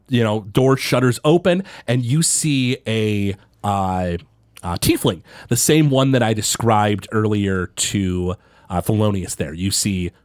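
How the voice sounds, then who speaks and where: A man's voice: no room sound, clean studio sound. A young man running a tabletop game as game master, rambling with many fillers. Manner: rambling, lots of fillers, pitch jumping around.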